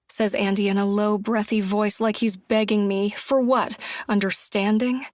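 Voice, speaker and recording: A woman's voice: mid-range voice, fairly even intonation, moderate pace, no echo. A woman giving intense, emotional first-person narration of a thriller audiobook on a close studio mic.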